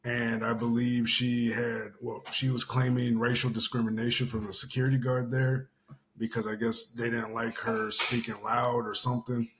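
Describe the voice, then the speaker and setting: A man's voice: medium pitch, flat delivery, normal speed, a bit bright, a little hiss or hum. Casual commentary host: young man from Houston, rambling delivery, loose with curse words. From Houston area. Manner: rambling, swears casually, many fillers. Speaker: show host.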